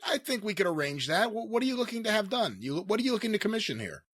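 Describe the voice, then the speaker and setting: A man hosting a comedy podcast, asking playful deadpan questions. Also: sits high, quick pace, no room sound, clean studio sound. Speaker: podcast host.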